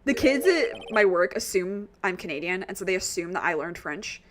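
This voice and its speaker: A woman's voice: medium pitch, expressive, normal speed, slight background noise. An American woman streaming a game, chatting casually and laughing often between jokey asides. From United States. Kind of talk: casual let's-play commentary.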